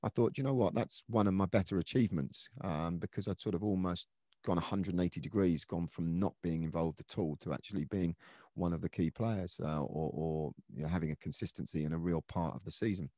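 In a relaxed, conversational interview, an earnest middle-aged former footballer appears as a podcast guest and reflects on his playing days, pausing, restarting, and using many fillers. His very low, mellow voice is recorded close and dry, with no room sound.

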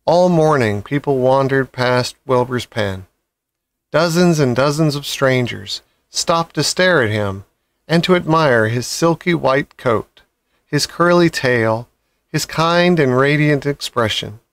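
Calm man reading a children's novel. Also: mid-range voice, clean tone, no room sound. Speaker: audiobook reader. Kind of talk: storybook narration.

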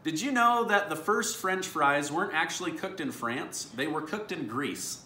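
A man's voice: on the high side, animated, normal speed, echoey room, very noisy. A man hosting a family video, reading dad jokes aloud and laughing at his own punchlines. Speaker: YouTube host reading viewer dad jokes. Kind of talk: casual family vlog.

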